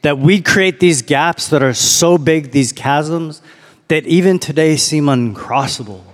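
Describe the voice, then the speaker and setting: Man, pastor, sermon, reflective, lingering delivery, long hall reverb. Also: on the high side. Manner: reflective, slows to read and linger on lines.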